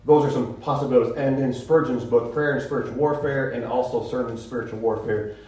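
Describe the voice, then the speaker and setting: A man's voice: medium pitch, fairly even intonation, brisk, mellow. A man preaching a sermon in an earnest, rambling way, often restarting his sentences. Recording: very echoey room, voice from far off mic.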